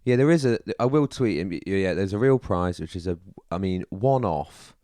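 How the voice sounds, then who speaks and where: A man co-hosting a podcast in a laid-back, halting way with restarts. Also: deep voice, expressive, mellow, no echo. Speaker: podcast co-host. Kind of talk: casual chat.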